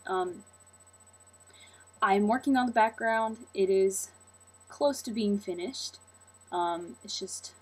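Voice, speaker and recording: A woman's voice: mid-range voice, darkish tone, husky, poor audio. A young woman vlogger chatting casually to her viewers, rambling and apologetic. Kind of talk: casual vlog chat.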